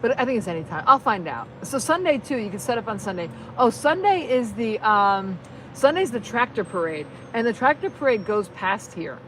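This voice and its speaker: Chatty excitable woman live-streaming. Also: on the high side, normal speed, slight background noise, low-quality recording. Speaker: livestream host. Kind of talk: casual live-stream chat.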